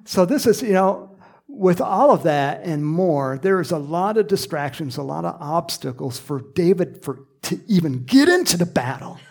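A man preaches in a loose, conversational way, acting out quoted lines and now and then sinking to a whisper. His voice sits a little high, with a gravelly fry and a husky edge. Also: big pitch swings, moderate pace, a little mellow. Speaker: pastor. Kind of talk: sermon.

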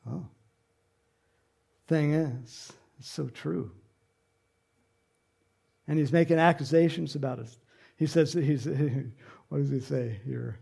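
A man's voice: fairly high pitch, vocal fry, warm tone, husky. A man preaching a sermon, telling the story dramatically with asides and questions to the congregation.

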